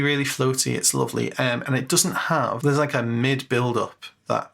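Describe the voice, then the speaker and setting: Male music tutor, mid pitch with some fry, talks casually and thinks aloud at a desk mic. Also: a bit bright. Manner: chatty, self-mocking, thinks aloud with fillers. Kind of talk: casual screen-share tutorial.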